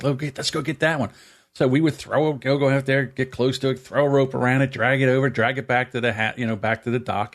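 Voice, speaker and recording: Male podcast host, casual storyteller, animated delivery. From New Jersey shore area. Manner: animated, acts out quoted voices in a high pitch. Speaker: podcast host telling family stories.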